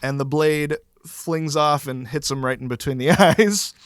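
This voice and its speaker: Guy running a tabletop game, slow and unhurried, dry close sound. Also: fairly high pitch, steady tone, clear, resonant tone, no echo. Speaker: game master.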